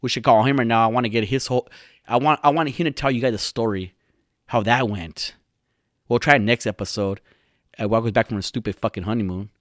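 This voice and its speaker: A man's voice: medium pitch, fairly even intonation, a little fast, fairly bright tone, dry recording. Young male podcast host, foul-mouthed, rambling mockery, dry close sound. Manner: profane, rambling, mocking. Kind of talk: solo podcast rant.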